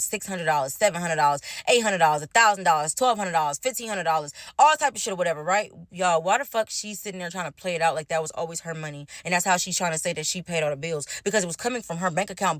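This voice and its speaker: Woman storyteller, rapid, profane, venting to viewers. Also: mid-range voice, a bit bright, no echo. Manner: fast, heavily profane venting. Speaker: storytime vlogger. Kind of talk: casual storytime rant.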